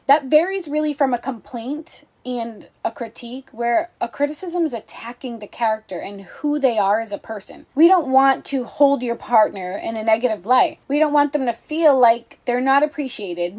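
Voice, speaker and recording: A woman's voice: high-pitched, a little mellow, poor audio. A woman giving an explanatory presentation on relationship conflict, often checking in with a questioning "right?".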